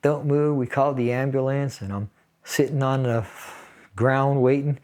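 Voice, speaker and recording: A man's voice: medium pitch, steady tone, normal speed, a little mellow. A man in his sixties from California, a Navy veteran casually recounting a personal story in an interview and laughing through grim details. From San Fernando Valley, California.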